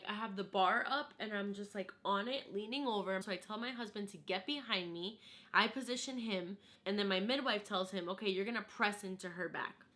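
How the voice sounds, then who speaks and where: Young American woman, vlogger, bright clear tone, lively storyteller who acts out what people said. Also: medium pitch. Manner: animated, acts out quotes of herself and others. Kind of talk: casual storytelling to camera.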